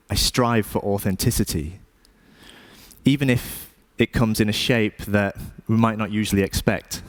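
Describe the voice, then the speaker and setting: A man, an artist giving a stage talk, speaking in a thoughtful, self-deprecating way with hesitant fillers. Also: fairly low pitch.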